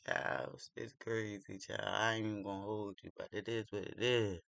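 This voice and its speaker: A man's voice: fairly low pitch, gravelly, fairly bright tone, no echo. A man vlogging at home while doing his makeup, telling a dating story in a gossipy, confiding way. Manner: gossipy and confiding, drawls "child" often. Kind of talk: casual storytelling chat.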